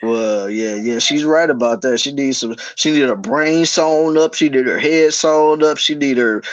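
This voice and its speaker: A man's voice: mid-range voice, moderate pace, no room sound. A man co-hosts a casual commentary podcast. He is blunt and profane, mocking his target without holding back. His voice sounds dry and close, with no room around it. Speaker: podcast co-host.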